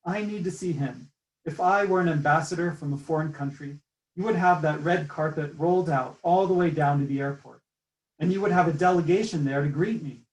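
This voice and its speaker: Man reading as a determined thirtyish woman, firm, insistent, slightly high, roomy distant mic. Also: fairly quick, close to an everyday voice. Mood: resolute. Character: determined Native woman in her thirties, proud and unyielding.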